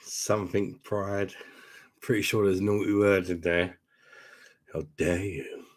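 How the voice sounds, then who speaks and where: Low voice, man, tipsy, rambling, matey, casual swearing, home room. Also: little pitch movement, takes it slowly. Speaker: beer reviewer hosting a live stream. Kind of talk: casual live-stream chat. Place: home room with sound panels.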